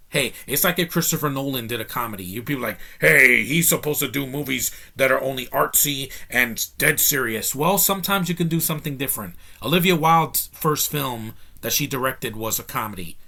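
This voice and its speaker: Man, channel host, casual movie review, opinionated, emphatic, ranting, bright forceful voice. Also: mid-range voice. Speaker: YouTube film reviewer.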